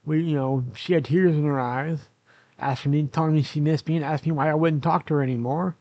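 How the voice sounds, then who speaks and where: A man's voice: fairly high pitch, steady tone, a little fast, a little mellow, no echo, highs cut off. An older man vlogging from his nursing home room, telling a long personal story in a rambling way, correcting himself and filling gaps with "uh". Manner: rambling, self-correcting, many "uh"s. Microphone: camera recording himself.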